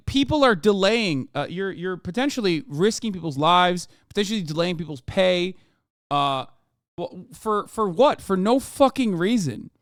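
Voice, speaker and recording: Male streamer, smooth dry close voice, sweary and emphatic, fairly high-pitched. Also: fairly bright tone, dry recording. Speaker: streamer reacting to news. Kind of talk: profane live-stream rant.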